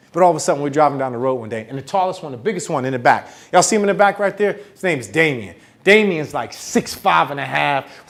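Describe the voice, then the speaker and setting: Animated man telling a story on stage. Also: on the high side. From United States. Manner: animated, acts out dialogue with big swings in volume. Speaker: motivational speaker. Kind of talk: storytelling keynote talk.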